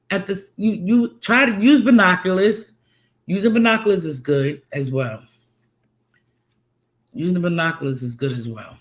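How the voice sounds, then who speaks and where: Man, raised-pitch voice, loose rambling livestream host who keeps asking the audience rhetorical questions. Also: gravelly, fairly bright tone. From United States. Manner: rambling, musing, asks many rhetorical questions. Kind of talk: casual livestream chat.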